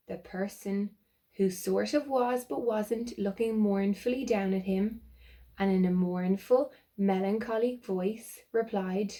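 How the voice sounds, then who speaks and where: A woman reading a picture book aloud to children, slow and expressive, dropping to soft whispered asides. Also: mid-range voice. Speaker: children's story reader.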